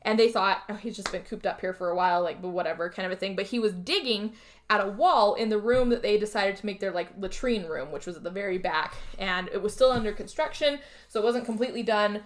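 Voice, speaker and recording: A woman's voice: medium pitch, fast talker. A woman co-hosting a podcast, casually retelling a film's plot with lots of acted-out lines and some swearing. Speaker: podcast co-host recapping a film. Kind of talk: casual chat.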